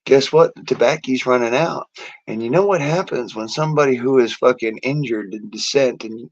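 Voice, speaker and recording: A man delivering an angry, profane rant to the camera, bitter and cursing nearly every phrase, now and then breaking into hoarse yelling. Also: mid-range voice, lo-fi sound. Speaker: vlogger.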